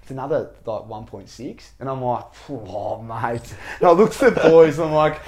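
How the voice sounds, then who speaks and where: An Australian man in his twenties or thirties hosting a podcast, telling stories in a lively, slangy, casual way with bursts of laughter. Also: mid-range voice, normal speed. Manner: animated storytelling, laughing, slangy. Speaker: podcast host. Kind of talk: casual chat.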